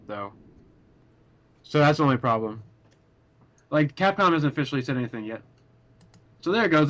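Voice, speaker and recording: A man's voice: on the high side, a bit bright. A young man hosting a casual group chat podcast, rambling with lots of fillers and frequent laughs. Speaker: podcast host.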